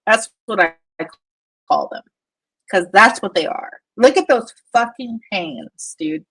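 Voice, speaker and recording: A woman's voice: medium pitch, animated, a little slow, a bit bright, low-quality recording. A woman hosting casual commentary over a shared screen, mocking, swearing and laughing often. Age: adult with a young daughter. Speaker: commentary channel host.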